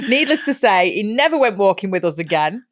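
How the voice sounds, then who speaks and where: A woman's voice: mid-range voice, sing-song, normal speed. A woman co-hosting a podcast in casual chat, reading listener emails aloud and telling rambling stories with frequent giggles.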